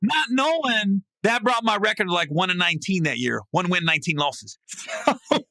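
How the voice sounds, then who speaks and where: Animated, bright-voiced male podcast storyteller. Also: normal speed, creaky, no room sound. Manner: animated, swings into loud, high laughing outbursts; salty, casual, swears freely. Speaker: podcast host. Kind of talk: comedic storytelling monologue. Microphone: podcast mic.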